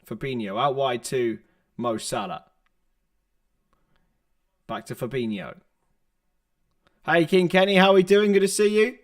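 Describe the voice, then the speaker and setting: A man's voice: medium pitch, measured pace, long pauses. Man giving live football play-by-play. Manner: steady running play-by-play, chatty asides to viewers. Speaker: livestream watchalong host. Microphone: laptop's built-in microphone.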